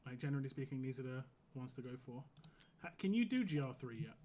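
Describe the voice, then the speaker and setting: A hoarse man streaming a game live, giving casual, rambling commentary full of "like". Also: medium pitch, lively intonation, fast, warm tone, slight background noise. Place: home gaming setup.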